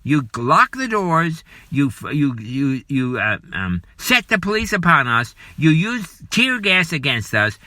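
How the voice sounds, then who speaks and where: A man's voice: fairly high pitch, very animated, moderate pace, few pauses, pushed and bright, no echo. A man hosting a podcast, giving an indignant, repetitive political monologue and scolding. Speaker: podcast host.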